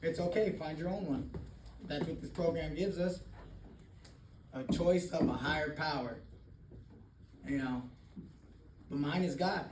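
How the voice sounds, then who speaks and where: A man with a high voice gives a blunt, candid talk at a recovery meeting, swearing freely and laughing often. He is recorded from a distance in an echoey room, with faint noise behind him. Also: measured pace, pauses often. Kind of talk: personal testimony talk.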